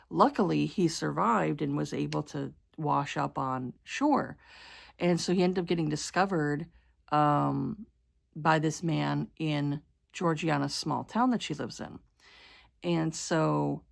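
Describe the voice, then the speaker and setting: A book vlogger with a low-pitched, creaky voice casually recaps a romance novel, rambling with lots of fillers and restarts and sometimes stumbling over her words.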